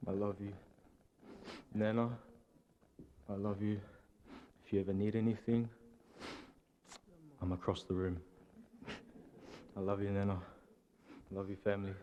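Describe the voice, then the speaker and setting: A nervous man giving a funeral eulogy for his grandfather in a church, halting and repeating words. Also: lowish voice, level tone, dull audio, a little hiss or hum.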